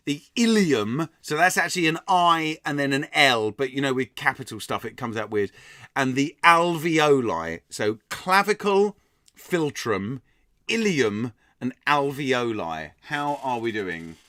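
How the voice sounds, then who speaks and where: Lively English man hosting a quiz. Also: mid-range voice, a little slow, no echo, studio quality. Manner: reads quiz items aloud, laughs often, jokes with chat. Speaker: quiz host. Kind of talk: live-stream quiz hosting, chatting with viewers.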